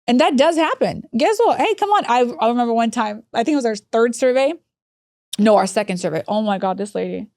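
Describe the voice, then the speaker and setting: Animated woman telling stories, dry sound. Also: fast talker, no echo. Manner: animated, acts out quoted voices with big pitch jumps. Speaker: hospice executive guest. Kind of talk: podcast interview storytelling.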